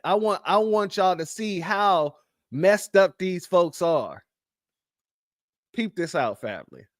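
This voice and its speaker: Guy host laughing at clips, high voice, slow talker, dry sound. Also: fairly bright tone, no room sound. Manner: laughing, teasing, talks to his audience as family. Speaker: online show host. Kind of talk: mocking commentary.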